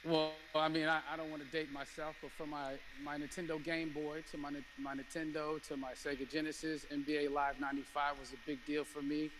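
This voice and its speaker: A man being interviewed as a guest at a live event, excited and stumbling over his words. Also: fairly high pitch, a little fast, few pauses. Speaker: guest actor at an in-game event. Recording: noisy game-stream audio.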